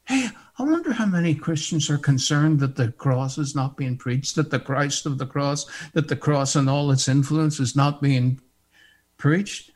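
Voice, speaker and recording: Husky impassioned preacher man. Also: a little high, unhurried. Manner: impassioned, swings from hushed to emphatic. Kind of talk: sermon.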